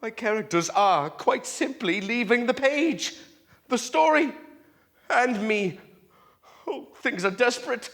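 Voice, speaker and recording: A man's voice: very high-pitched, lively intonation, slow, long pauses, fairly bright tone, exaggerated voice. A man playing a grandiose, fretful playwright. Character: flustered aging male playwright on trial, grandiose. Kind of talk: live stage acting. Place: theater stage. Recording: long theater reverb.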